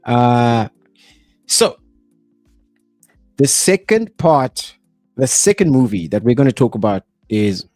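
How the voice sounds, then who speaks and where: A man's voice: mid-range voice, sing-song, slow, pauses often, darkish tone, no echo, clean studio sound, soft background music. A man hosting a casual chat, joking and rambling with many restarts. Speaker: host.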